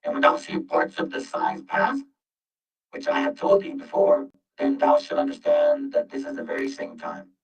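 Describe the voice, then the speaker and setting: A man reading Bible verses aloud and explaining them to his listeners, whom he calls family; his voice runs through an accidental robotic voice-changer filter. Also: vocal fry. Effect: accidental deep robotic voice-changer filter. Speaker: Bible teacher. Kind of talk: informal scripture reading and teaching. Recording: muffled, distant, with faint music.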